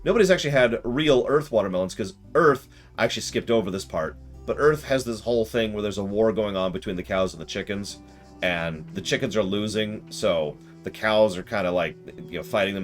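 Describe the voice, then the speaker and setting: A man casually retelling a game session in an animated, rambling way, often correcting himself. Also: lowish voice, fast, soft background music. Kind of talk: casual storytelling.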